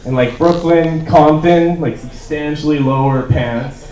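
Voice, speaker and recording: Young man from Canada, easygoing stand-up with a slightly high voice, mic at some distance in an echoey room. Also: measured pace, a little mellow. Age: 20s. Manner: laid-back and rambling, full of "like" and "uh". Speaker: stand-up comedian. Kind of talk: stand-up comedy set. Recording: roomy echo, voice from a distance.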